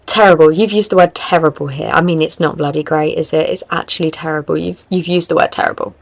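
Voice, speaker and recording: A woman's voice: low-pitched, steady tone, quick pace, vocal fry, dry recording, rough recording. Tired, chatty woman podcaster. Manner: chatty, rambling, frank. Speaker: podcast host. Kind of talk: casual solo podcast chat.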